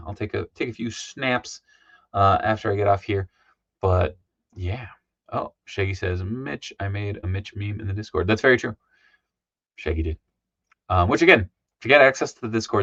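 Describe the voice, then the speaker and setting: A man's voice: fairly low pitch, a bit bright, no echo. A man hosting his livestream in casual chat, losing his voice, rambling with lots of ums as he signs off. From Minnesota. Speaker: livestream host. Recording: dull lo-fi dry sound.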